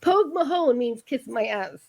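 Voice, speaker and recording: A woman's voice: on the high side, animated, normal speed, gravelly, warm tone, low-quality recording. An Irish woman hosting a podcast, talking in a playful, chatty way and laughing often. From Ireland. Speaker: podcast host. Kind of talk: casual chat.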